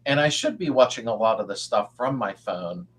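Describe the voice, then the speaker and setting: An older man with a fairly low voice hosts a relaxed live chat for viewers. He rambles in a folksy, easygoing way, trails off mid-sentence and greets people by name as he goes. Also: normal speed, husky. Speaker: livestream host. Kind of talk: casual live-stream chat.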